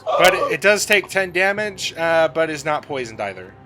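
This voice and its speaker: A man's voice: on the high side, big pitch swings, normal speed, bright, forceful tone, soft background music. A man narrating as game master for a tabletop role-playing game, talking casually and often restarting his sentences.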